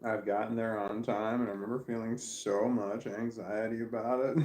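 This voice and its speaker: A man's voice: on the low side, level tone, moderate pace, darkish tone. A man vlogging from home, chatting candidly and wandering from thought to thought with a self-deprecating tone. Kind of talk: casual rambling monologue to camera. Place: at home in a room, with a puppy in his lap. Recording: roomy echo.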